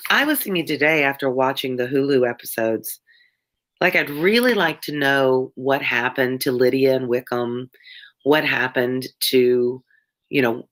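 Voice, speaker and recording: A woman's voice: rumbling low, a little slow, fairly bright tone. A tired woman with a Southern American accent, an ESL teacher chatting casually and rambling with viewers between chapters. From Michigan. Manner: chatty, meandering, drawling when tired. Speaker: ESL teacher and read-along host.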